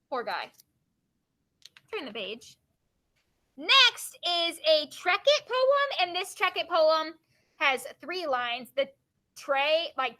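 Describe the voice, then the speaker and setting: A woman's voice: high-pitched, bright, forceful tone. A woman teacher reading a book of poems aloud to her class, stopping to ask students questions and explain.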